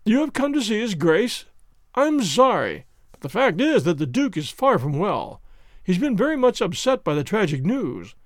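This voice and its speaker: A man's voice: high-pitched, big pitch swings, normal speed, dry recording, clean studio sound. A man voicing a nervous young male secretary who speaks in an anxious, deferential way.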